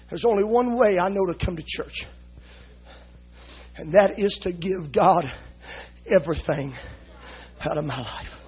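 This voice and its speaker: A male preacher with a strikingly high, husky voice delivers an emotional sermon. He shouts in rhythmic bursts and tags nearly every line with "uh, amen." The intensity stays high and fervent. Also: measured pace, long pauses, highs cut off. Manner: shouts rhythmic lines, punctuating each with "uh, amen". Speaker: visiting preacher.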